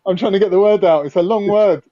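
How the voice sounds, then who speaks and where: A man's voice: sits high, fast talker, no echo, lo-fi sound. A man chatting and joking on an online panel. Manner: jokey, laughing. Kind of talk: casual chat.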